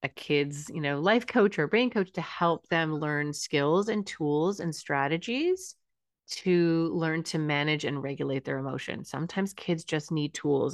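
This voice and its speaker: Woman podcaster, middle-aged, slightly low pitch, dry booth sound, warm reassuring advice delivery. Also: dry recording. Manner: earnest, reassuring, acts out parent lines. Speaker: parenting podcast host. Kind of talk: advice monologue.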